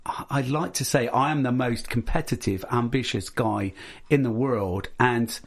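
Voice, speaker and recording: Man, musician guest, mid pitch, gushing and earnest, radio studio. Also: moderate pace, gravelly. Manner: effusive, earnest, enthusiastic. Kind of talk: radio interview. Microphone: studio microphone.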